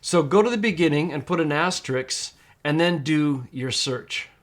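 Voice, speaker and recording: A man teaching Greek pronunciation in a screencast tutorial, reading words aloud slowly and patiently, syllable by syllable. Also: fairly high pitch, lively intonation.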